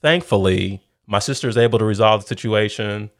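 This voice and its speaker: A middle-aged man telling a personal story in a casual chat, animated and laughing often. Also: on the low side, a little fast, dry recording, studio quality.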